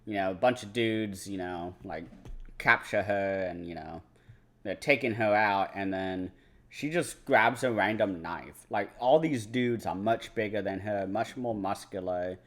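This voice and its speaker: A man's voice: on the low side, unhurried, a bit bright. A young man chatting casually about films on a movie-marathon vlog, rambling and swearing freely. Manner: rambling, profane, lots of "like" and "you know". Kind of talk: casual movie review chat.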